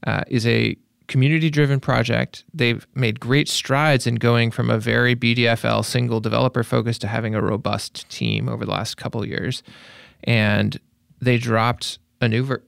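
A man's voice: medium pitch, steady tone, moderate pace, vocal fry, a bit bright, no room sound, clean studio sound. A man on a podcast panel, talking through tech topics in a thoughtful, casual way, often hedging with "like".

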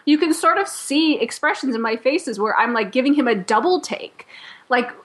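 A woman talks through a story in a loose, chatty way. She peppers her lines with "like" and breaks into laughs. Her voice sits a little high. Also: lively intonation, moderate pace, a bit bright. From Chicago. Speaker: podcast guest, company founder. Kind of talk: casual chat.

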